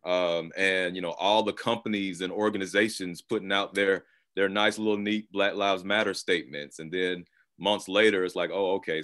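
A man moderating a panel discussion over a video call, relaxed and conversational. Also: on the low side. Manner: relaxed and conversational, with occasional laughs.

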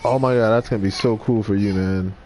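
A man's voice: fairly low pitch, steady tone, fairly quick, background noise. A man giving playful let's play commentary, joking and talking to his pets while he games. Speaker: game streamer.

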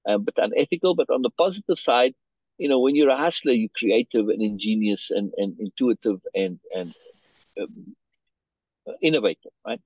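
Husky man explaining a story. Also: fairly low pitch, moderate pace, darkish tone, no room sound, lo-fi sound. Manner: checks in often with "right?"; restarts and repeats words. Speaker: teacher reading a story aloud. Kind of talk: reading a story and explaining it to a learner. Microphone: video call.

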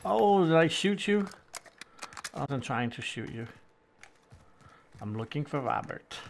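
A man's voice: fairly high pitch, expressive, a little slow, gravelly, noisy background. A man giving crude, mock-friendly gameplay commentary, taunting other players and exclaiming whenever he gets surprised. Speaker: gamer streamer. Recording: gameplay audio with gunfire behind. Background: game gunfire and explosions.

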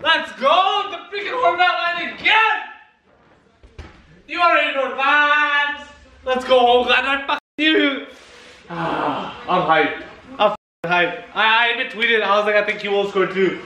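A man reacting live to a hockey game, shouting, cheering and swearing. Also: very high-pitched, unhurried, roomy sound.

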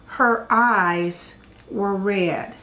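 A woman reading a picture book aloud to children, expressive, with dramatic pauses. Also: mid-range voice. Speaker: children's storyteller.

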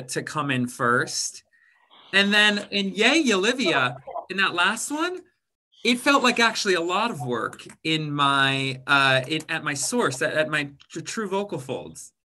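A woman's voice: lowish voice, bright, forceful tone. A woman co-hosting an online voice class, chatting casually and relaying the chat. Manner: chatty, laughs at herself, reads out the chat.

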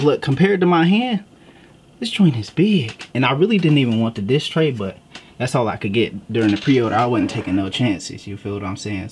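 A man chats to his viewers from his home office in a loose, slangy vlog style, full of asides to the audience. He sounds a little out of breath. His voice sits at a middle pitch, with a faint hiss behind it. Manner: slangy, talks straight to viewers with lots of asides. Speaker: gaming YouTuber host. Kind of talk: casual vlog talk to viewers.

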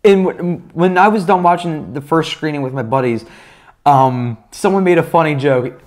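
Excitable young man reviewing a movie. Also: fairly high pitch, moderate pace. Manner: excited, rambling, swearing, many fillers. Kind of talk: casual spoken review.

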